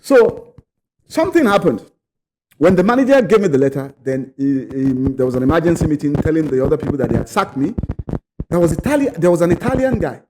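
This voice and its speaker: A man from Nigeria, a podcast guest telling a personal story in a lively way, acting out other people's voices and sometimes repeating words. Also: on the high side, noisy background.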